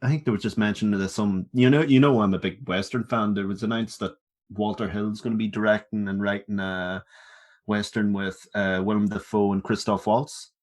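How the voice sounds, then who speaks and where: A man co-hosts a movie podcast in a relaxed, easygoing chat. He laughs easily and swears freely. His voice sits a little low. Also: moderate pace. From Northern Ireland. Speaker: podcast co-host. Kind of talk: casual chat.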